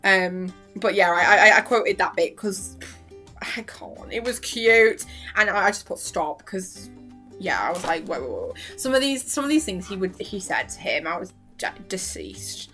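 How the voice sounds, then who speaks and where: A young woman rambling excitedly about a TV series, giggling often and acting out the characters' lines, her voice a little worn. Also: mid-range voice, a little slow, faint music behind. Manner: gushing, giggly, lots of fillers and quoted reactions. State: voice worn, partly lost. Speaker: vlogger reviewing a TV series.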